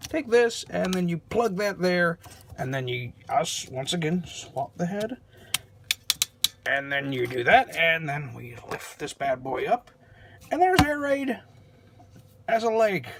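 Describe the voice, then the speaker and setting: Male toy vlogger, slightly high-pitched, offhand sarcastic delivery with self-deprecating asides. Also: sing-song, takes it slowly, long pauses, background noise. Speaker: toy reviewer. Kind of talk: casual toy review vlog.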